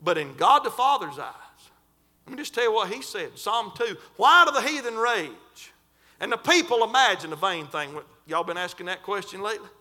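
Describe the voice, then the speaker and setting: A man preaching a sermon in a fervent, folksy way, stretching and shouting scripture lines. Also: high voice, lively intonation, moderate pace. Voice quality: folksy, colloquial.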